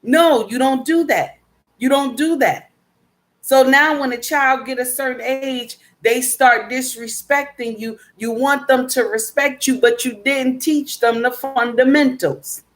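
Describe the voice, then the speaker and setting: Hosting a laid-back livestream, this woman reads the chat out loud in a high-sitting voice at a measured pace. She lectures with emphasis, says things more than once, and addresses viewers as baby and my dear.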